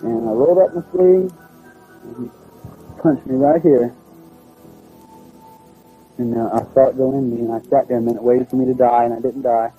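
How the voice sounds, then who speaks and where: A man telling a personal story in a plain, halting, conversational way. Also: medium pitch, phone-quality sound, faint music behind. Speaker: storyteller recounting a personal experience. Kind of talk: first-person spoken recollection.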